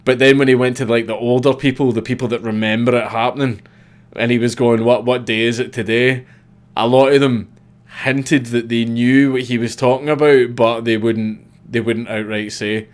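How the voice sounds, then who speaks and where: A man's voice: medium pitch, steady tone, normal speed. A Scottish man in his thirties hosting a casual livestream, reading viewer comments and answering bluntly with swearing and repeated false starts.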